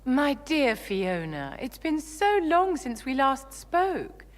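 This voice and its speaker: A woman voicing a haughty, condescending mage in a video game, speaking slowly with cutting, mock-sweet politeness. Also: high-pitched, sing-song, heavily acted. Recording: game audio with long reverb.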